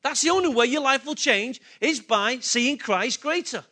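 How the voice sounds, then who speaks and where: A man's voice: extremely high pitch, lively intonation, normal speed, pushed and bright. A man preaching a sermon, emphatic and repetitive, asking the congregation rhetorical questions. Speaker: pastor.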